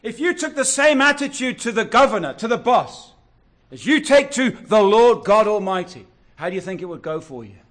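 A man preaching a sermon, earnest and exhortative, drawing out key words slowly. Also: sits high, lively intonation, a bit bright. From England.

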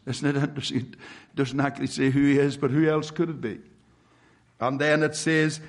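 A man preaching a sermon to a congregation, stressing words slowly and asking rhetorical questions. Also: a little high. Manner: emphatic, with slow drawn-out stresses and rhetorical questions.

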